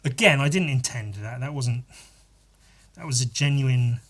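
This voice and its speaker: Guy rambling on his own podcast, kinda husky, mid pitch, swears a lot and puts himself down. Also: measured pace, fairly bright tone. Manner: rambling, self-deprecating, swears casually. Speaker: podcast host. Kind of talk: casual solo monologue.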